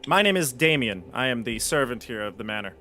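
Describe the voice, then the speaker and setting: A man's voice: mid-range voice, lively intonation, fairly quick, pushed and bright, soft background music. Een man die een formele, oudere butler speelt in een live tabletop-spel, beleefd en onderdanig. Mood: polite. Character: formal older male butler servant.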